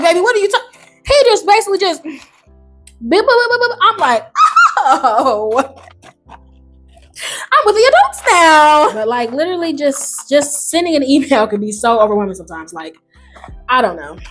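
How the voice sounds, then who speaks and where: A young woman chatting casually to the camera while doing a puzzle, animated, swearing freely and jumping to sudden high exclamations. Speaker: vlogger.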